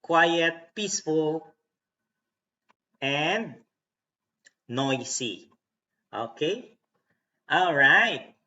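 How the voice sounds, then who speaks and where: A patient male teacher walks learners through an English lesson at an unhurried pace. His pitch rises and falls a lot as he models the stress on each word. The recording is dull and lo-fi, as if he sits a little back from the mic. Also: expressive, pushed and bright, recorded from a distance. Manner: patient, repeats words to model stress, tags lines with "okay?" and "no?". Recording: dull lo-fi sound from away from the mic.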